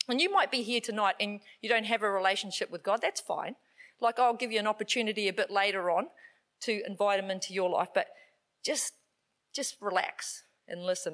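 A woman's voice: medium pitch, a bit bright. A woman in her forties with a New Zealand accent, preaching a sermon in a chatty, upbeat way with lots of fillers.

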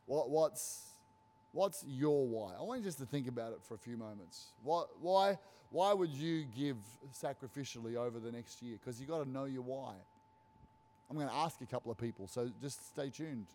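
A male pastor preaching a sermon in a church hall, animated and rousing, repeating his phrases. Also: medium pitch, moderate pace.

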